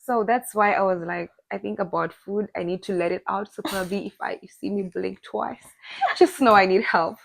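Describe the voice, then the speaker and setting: Animated young woman from Zimbabwe. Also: mid-range voice, moderate pace, vocal fry. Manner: animated, emphatic, laughs often. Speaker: podcast co-host. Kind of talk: casual chat.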